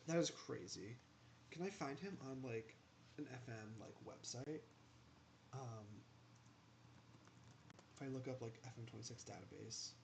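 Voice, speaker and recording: Gravelly man rambling over gameplay. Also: mid-range voice, expressive, measured pace, pauses often, noisy background. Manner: rambling asides, talks back to the game. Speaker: gaming channel host. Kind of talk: casual gameplay commentary.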